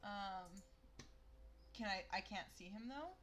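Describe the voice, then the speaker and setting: A woman plays in a tabletop game, chatting casually and thinking through her moves out loud as she counts distances. A faint hiss of background noise runs under her voice, which sits at a middle pitch. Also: slow pace. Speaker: player.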